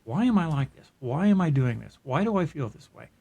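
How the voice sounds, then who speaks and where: A man's voice: a little high, big pitch swings, brisk, creaky, breathy edge. A middle-aged man, co-host of a podcast, telling a personal story in a casual, earnest, reflective way, often restarting his sentences. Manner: earnest, reflective, with frequent restarts and soft laughs.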